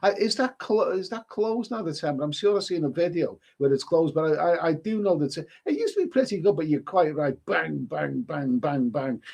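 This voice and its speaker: A man's voice: fairly high pitch, lively intonation, a little fast, few pauses, darkish tone. An older man from Liverpool with a Scouse accent, chatting casually on a live stream, rambling with frequent restarts and calling viewers "mate". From Liverpool, England. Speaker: travel vlogger hosting a live stream.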